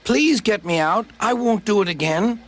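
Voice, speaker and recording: A man's voice: lively intonation, normal speed, fairly bright tone. A man voicing a small, cheeky male tank engine in a storybook reading, pleading in a raised voice. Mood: pleading, sorry. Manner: pleading, higher voice. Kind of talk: storybook character voice.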